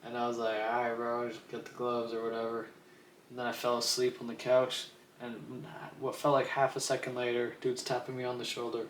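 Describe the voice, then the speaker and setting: On a livestream, a young man in an echoey room with faint background noise spins a loose, rambling story at a moderate pace. His mid-range voice stays flat as he swears freely, keeps things laid-back, and acts out other people's quotes.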